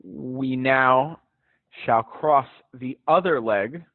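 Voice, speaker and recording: A man leading a live stretching class, guiding breaths and counts in a relaxed, encouraging, chatty way and checking in with students by name. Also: medium pitch, drawn-out words, dry recording. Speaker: fitness instructor. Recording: dry tinny phone-like sound.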